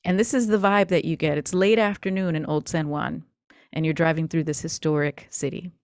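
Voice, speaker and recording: A woman's voice: low-pitched, fairly even intonation, brisk, darkish tone, dry recording, clean studio sound. A woman game master narrating a tabletop horror game in a chatty, descriptive way with plenty of fillers.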